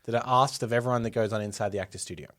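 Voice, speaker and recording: A man's voice: on the low side, very fast, fairly bright tone. A man co-hosting a podcast in casual chat, posing questions and teasing his co-host. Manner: teasing, sets up questions, repeats "yeah".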